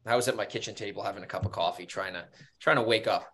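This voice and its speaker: A man with a New York accent co-hosting a podcast, telling stories in an animated way and swearing freely. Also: fairly low pitch, quick pace. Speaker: podcast co-host. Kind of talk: casual podcast chat.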